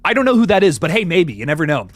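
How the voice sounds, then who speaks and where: Male streamer host, casual and chatty, bright high voice that swings a lot, dry sound. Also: very animated, very fast, no echo, soft background music. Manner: chatty, laughs often, greets chat viewers. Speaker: livestream host. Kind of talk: casual horror movie livestream chat.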